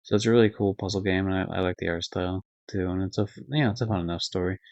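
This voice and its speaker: Young man, low voice, rambling, swears, casual stream talk, dry muffled sound. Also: fast talker, darkish tone, dry recording. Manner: rambling, swearing, lots of fillers and self-corrections. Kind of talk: casual live-stream game review. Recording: dull lo-fi dry stream audio.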